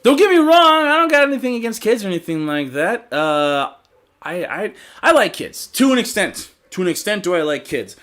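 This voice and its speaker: A man's voice: high-pitched, very animated, normal speed, a bit bright. A young man hosting a casual livestream podcast, rambling loosely, swearing freely and laughing often. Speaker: podcast host.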